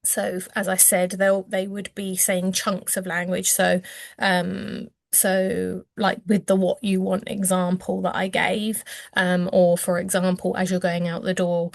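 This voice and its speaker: Woman, clinician guest, low-pitched, hesitant, full of ums, dry close sound. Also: monotone, measured pace, vocal fry, no echo. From England. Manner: hesitant, many ums and restarts. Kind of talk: explanatory expert interview.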